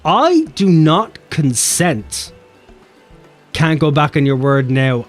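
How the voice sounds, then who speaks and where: A man's voice: on the high side, animated, slow pace, soft background music. An Irish man streaming a game, joking, swearing and reading the game's lines aloud. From Ireland. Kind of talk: casual game stream chat.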